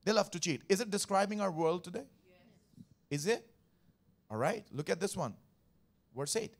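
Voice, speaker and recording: A man's voice: high-pitched, expressive, moderate pace, vocal fry. A man preaching a Sunday sermon as pastor, emphatic and repetitive, calling out to the congregation and working through scripture verse by verse. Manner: emphatic, repeats key phrases, calls for congregation response.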